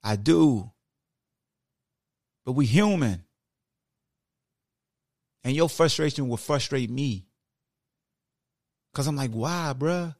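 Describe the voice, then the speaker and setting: A gravelly, middle-aged man delivers a fired-up solo podcast rant. He talks straight at his listeners, preachy and animated. The sound is dry and close. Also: mid-range voice, slow pace, pauses often, dry recording. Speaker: podcast host. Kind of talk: casual sports podcast monologue.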